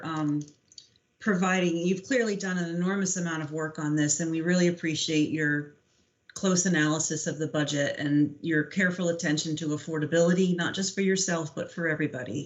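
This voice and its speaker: A woman running a town budget hearing over a muffled call connection. Her voice sits a little low. She thanks speakers and calls on the next one politely. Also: moderate pace. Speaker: meeting chair. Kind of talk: chairing a public meeting. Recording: dull lo-fi video call audio.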